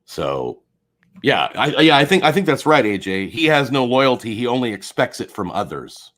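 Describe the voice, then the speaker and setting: An angry man on a livestream, swearing and swinging between low mutters and shouts. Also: sing-song, normal speed. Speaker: streamer. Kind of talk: heated livestream rant.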